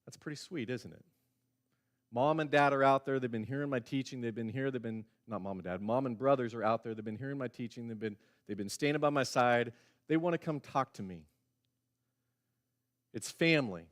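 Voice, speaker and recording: A middle-aged male pastor preaching a sermon in a church, talking conversationally and acting out quoted lines, with sudden jumps between loud and quiet. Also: medium pitch, moderate pace. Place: church sanctuary.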